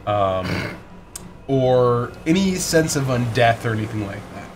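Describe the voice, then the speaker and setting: Measured male tabletop player. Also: medium pitch, expressive, a little hiss or hum. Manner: measured, deliberate. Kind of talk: casual tabletop play.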